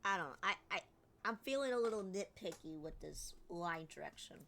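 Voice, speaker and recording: A woman's voice: on the low side, expressive, a little fast, creaky, a bit bright, slight background noise. A woman streamer commenting on a game, chatty and acting out lines herself. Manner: chatty, critiques and re-reads lines.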